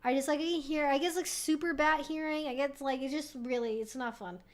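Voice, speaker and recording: A woman's voice: sits high, steady tone, fairly quick. A young woman hosting a casual live-stream Q&A, rambling and swearing freely, laughing often and sounding slightly tipsy.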